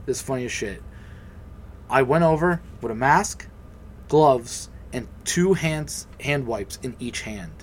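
A man's voice: mid-range voice, takes it slowly. Young guy telling a story, swears a lot, does everyone's voices, bit of hiss behind. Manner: profane, animated, acts out quoted voices. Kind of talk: casual storytelling.

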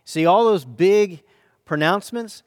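An American man, a pastor, delivering a sermon with earnest, dynamic emphasis, slowing down to stress key phrases. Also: high voice, no room sound, clean studio sound.

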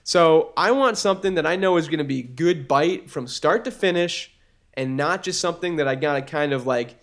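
A young man with a Boston accent co-hosts a podcast in a fairly high voice at normal speed. His casual talk is animated and meandering, thick with fillers.

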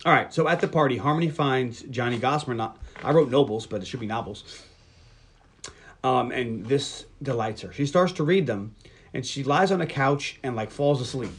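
A man's voice: medium pitch, normal speed, husky. A man co-hosting a movie podcast, recapping the plot from notes and cracking crude jokes. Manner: joking, crude, playful; reads plot summary from notes. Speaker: podcast co-host. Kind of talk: casual movie podcast chat.

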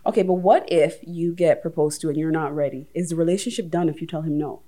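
A woman's voice: low voice, steady tone, quick pace, warm tone. A woman hosting a casual podcast card game, asking curious questions.

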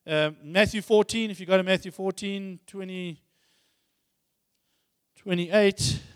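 A man's voice: high-pitched, fairly even intonation, slow pace, clear, resonant tone, clean studio sound. A man preaching a sermon, retelling scripture casually in everyday words and reading passages aloud with rising force. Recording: long hall reverb.

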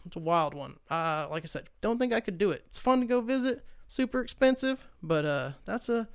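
A man's voice: sits high, animated, a little fast, clean tone. A young man hosting his own podcast, talking loosely and sarcastically, with plenty of swearing. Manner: loose, profane, sarcastic ranting. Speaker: podcast host. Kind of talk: casual solo podcast chat.

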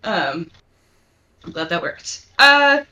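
A woman's voice: fairly low pitch, sing-song, takes it slowly, sharp tone, lo-fi sound. A woman playing a tabletop game, chatty and a bit unsure, swearing casually. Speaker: player.

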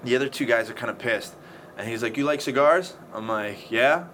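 A man's voice: mid-range voice, a little fast, a bit bright. A man telling a story in casual chat, swearing often and acting out the scenes. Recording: faint background noise.

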